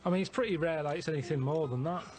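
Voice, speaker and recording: A man telling everyday anecdotes in a deadpan, matter-of-fact way as a comedy podcast co-host. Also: on the high side, very fast, over loud music. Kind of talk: casual comedy chat.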